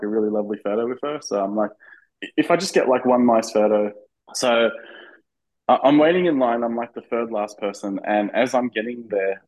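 A man's voice: fairly low pitch, darkish tone, rough recording. An Australian man, a podcast guest, telling an eager, nervous story with lots of fillers and restarts. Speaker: interview guest, fan. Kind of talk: casual storytelling in a podcast interview.

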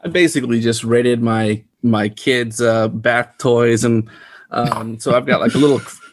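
A man's voice: mid-range voice, steady tone, unhurried. An American man in his thirties, co-hosting a podcast in casual chat with dry jokes. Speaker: podcast co-host.

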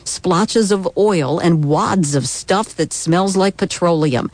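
Woman, radio news anchor, formal, measured, dry studio sound. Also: on the low side, darkish tone, dry recording.

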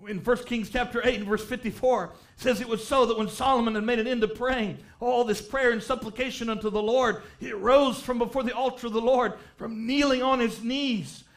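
A male preacher with a strikingly high voice delivers a revival sermon in church. He reads old-style scripture aloud and builds fervently until he is shouting key lines. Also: fairly even intonation, fairly quick, few pauses.

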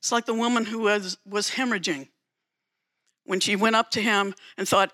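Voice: medium pitch, fairly even intonation, moderate pace, pushed and bright. A preacher giving a sermon, retelling a story dramatically with emphatic repetition.

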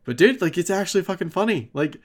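A man's voice: high voice, expressive, quick pace. A man co-hosting a podcast, chatting casually in a rambling way with lots of fillers and swearing. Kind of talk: casual chat.

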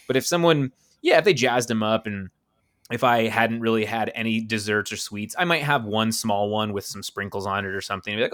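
A man's voice: on the low side, brisk, a bit bright. A man co-hosting a casual podcast chat, rambling and restarting his sentences. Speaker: podcast co-host.

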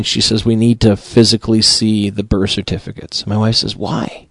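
Host, male, low voice, profane comic ranter who climbs to shouting, dry studio mic. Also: moderate pace, no room sound. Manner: swears constantly, rising into shouted outrage. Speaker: podcast host. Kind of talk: profane comedic rant. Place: small studio booth.

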